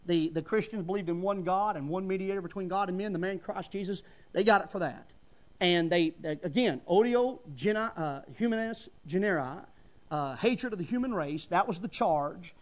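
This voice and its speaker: At a normal speed, this middle-aged preacher with a strikingly high voice preaches in a folksy, fervent manner, rising to loud emphatic outbursts and then settling into plain speech.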